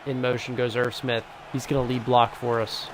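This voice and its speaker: A young man giving casual, excitable commentary over a football video game, swinging between hype and grumbling. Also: mid-range voice, normal speed. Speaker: gaming YouTuber. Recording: noisy background.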